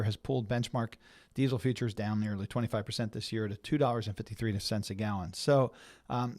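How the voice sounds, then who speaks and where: A man hosts a financial webinar at a middle pitch, stopping often on fillers and restarting his sentences as he reads out market quotes. The sound is dry and close, with no room around it. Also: no echo. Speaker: financial planner hosting a webinar. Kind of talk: webinar talk reading and explaining market news.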